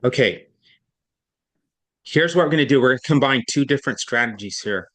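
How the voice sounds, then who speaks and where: A man's voice: medium pitch, lively intonation, a little fast, fairly bright tone. A man tutoring a student in reading over an online session, explaining step by step in a patient, thinking-aloud way with frequent self-corrections.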